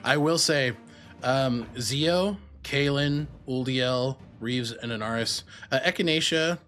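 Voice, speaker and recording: A man running a tabletop game as game master, narrating rules and moves in an unhurried, casual way. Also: medium pitch, fairly bright tone, faint music behind.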